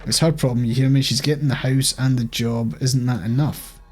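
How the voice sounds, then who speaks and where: A Scottish man reading game dialogue aloud as a bitter, scheming old woman who scolds her husband, sharp and exasperated. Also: medium pitch, steady tone, fairly quick, soft background music, natural voice. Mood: angry, defensive.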